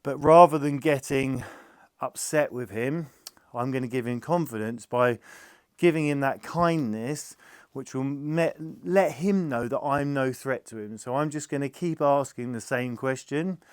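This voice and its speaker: A gentle, patient man explains his work with an animal in an easygoing, reassuring way. His voice is smooth and clear at a middle pitch, and it is recorded close and dry with no room sound. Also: a little slow, dry recording. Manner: calm, gentle, patient, soothing the animal softly. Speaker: farm animal carer. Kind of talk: explaining while handling a horse.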